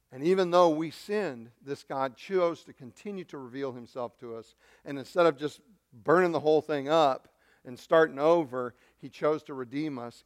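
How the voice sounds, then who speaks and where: A man preaching a sermon, emphatic, asking rhetorical questions and swinging between loud and soft. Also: on the high side. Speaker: pastor.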